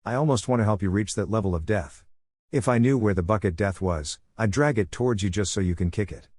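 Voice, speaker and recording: A man's voice: lowish voice, a little fast, darkish tone, breathy edge, no echo. Man doing a mocking young kunoichi. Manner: dry, needling. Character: sharp-tongued young kunoichi granddaughter, mocking. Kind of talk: fan fiction read-aloud.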